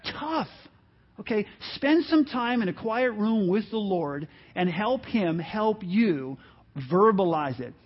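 Earnest male pastor, high voice, conversational sermon, dull lo-fi church recording. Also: lively intonation, a little slow. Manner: earnest, encouraging, conversational with asides. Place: church sanctuary.

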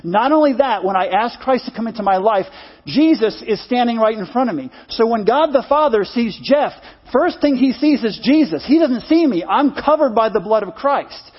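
A man's voice: very high voice, lively intonation, normal speed, breathy edge, muffled recording. A middle-aged male pastor preaching a sermon in an earnest, repetitive style, leading the congregation in call-and-response.

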